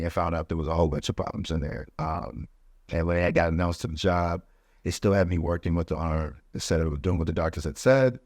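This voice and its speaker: A man, a podcast guest, telling his story in a relaxed, casual way with many fillers, and growing animated as he relives the events. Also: quick pace, dry recording, studio quality. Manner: animated, rising pitch when reliving events.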